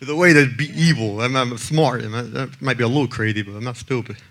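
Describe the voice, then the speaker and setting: A man's voice: medium pitch, fast talker, fairly bright tone. A man speaking to an audience as a child abuse prevention advocate, telling blunt stories with jokes and acting out the people in them. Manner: blunt and brash, acts out other people in his stories. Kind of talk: blunt talk with joking stories.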